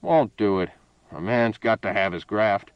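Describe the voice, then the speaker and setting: A man's voice: fairly low pitch, unhurried, smooth, no echo, highs cut off, close to an everyday voice. A man voicing a drunken, boastful older army colonel who talks in a slurred, blustering way.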